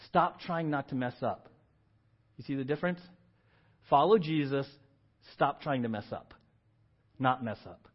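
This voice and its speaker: A middle-aged man preaches to his congregation in an animated way, his voice pitched somewhat high and climbing into loud emphatic peaks. The recording is dull and lo-fi, with the muffled sound of church sermon audio. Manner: animated, rising to emphatic exclamations. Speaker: pastor.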